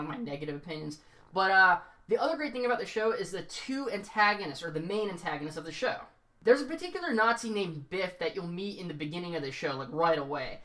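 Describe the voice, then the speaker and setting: A woman's voice: medium pitch, fairly bright tone. A woman giving a casual spoken review, rambling with fillers and jokey tangents. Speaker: show reviewer.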